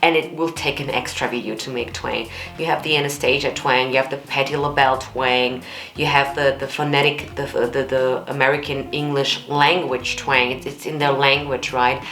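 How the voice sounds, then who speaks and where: In an echoey room with faint music behind her, a woman vocal coach with a bass, slightly bright voice and fairly even intonation comments on a performance. Speaking at a moderate pace, she gushes chattily and repeats herself a lot.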